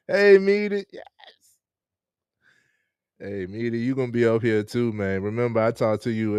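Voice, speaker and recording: A man's voice: medium pitch, a little mellow, smooth, no echo. A man hosting a casual live-streamed interview, chatting with viewers and laughing often. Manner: laid-back, laughs often, chats with viewers.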